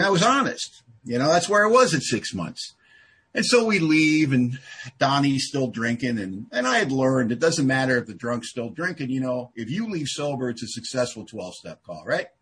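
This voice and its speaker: A man speaking at a recovery meeting, telling a personal story with big swings from low mutters to loud outbursts. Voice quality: very husky. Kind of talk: storytelling talk.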